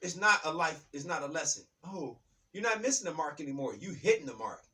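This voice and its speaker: A man giving an impassioned spiritual talk, fired up and preachy, repeating key lines and shouting words for emphasis. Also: on the high side, expressive, brisk, recorded from a distance. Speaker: motivational speaker.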